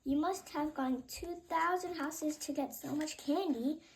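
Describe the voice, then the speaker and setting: Lady reading as a gruff but nice cop, slow, kids' story. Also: high-pitched, a little hiss or hum. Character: friendly policeman, adult man.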